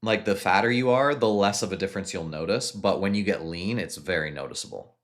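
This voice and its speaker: A man in his thirties streaming casually and reading viewer questions aloud. He answers in a relaxed, hesitant way with frequent restarts. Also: sits low, a little fast. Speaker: fitness streamer answering live chat. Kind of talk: casual live-stream chat.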